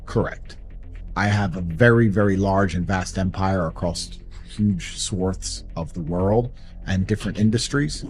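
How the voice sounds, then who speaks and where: A man's voice: deep voice, measured pace, faint music behind. A man giving a blunt motivational talk in short, repetitive, declarative statements. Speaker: motivational speaker.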